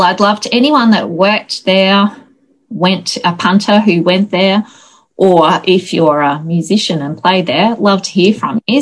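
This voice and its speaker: A woman tells stories in a casual, animated way, full of quick anecdotes. Her voice sits a little low for a woman. She sounds relaxed and conversational as a guest. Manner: chatty, animated anecdotes with laughs. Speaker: guest, local music historian. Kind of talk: casual storytelling interview.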